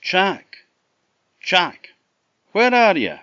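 A man's voice: fairly low pitch, very animated, takes it slowly, no echo, highs cut off, exaggerated voice. A man voicing a young woman who is an enchanted swan, speaking in a pleading, insistent way.

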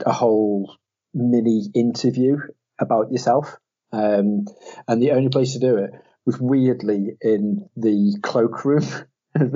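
A man co-hosting a podcast tells stories in a husky, mellow voice and laughs as he talks. The sound is muffled and lo-fi. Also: medium pitch. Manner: laughs through his stories, chatty. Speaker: podcast co-host. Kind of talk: casual storytelling chat.

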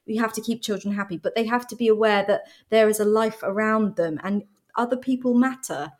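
Woman, fairly high voice, sweary, blunt, animated, casual podcast chat. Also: moderate pace. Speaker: podcast guest.

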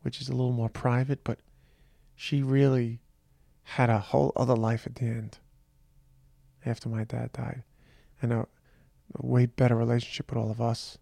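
A tired middle-aged man hosting a podcast, speaking in a reflective, halting monologue with trailing restarts. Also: medium pitch, flat delivery, gravelly, dark tone, dry recording, clean studio sound. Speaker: podcast host. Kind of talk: personal monologue, remembering his mother.

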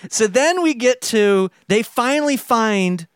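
A young man in casual chat, rambling through a movie pitch and acting out the lines of its characters. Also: animated, slow pace, clear, resonant tone, no room sound, studio quality. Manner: rambling storyteller, acts out quotes. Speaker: podcast co-host pitching a movie idea.

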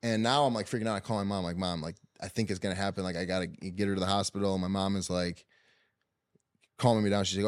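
A man in his thirties from telling a story on a podcast, animated, swearing and acting out what others said. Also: low-pitched, fast, no room sound, studio quality. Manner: animated, acts out quoted voices, swears. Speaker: podcast co-host. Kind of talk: casual storytelling chat.

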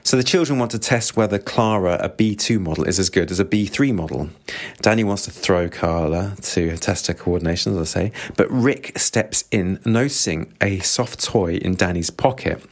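Man, very deep voice, book discussion, reflective, thinks aloud. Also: normal speed. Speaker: book reviewer.

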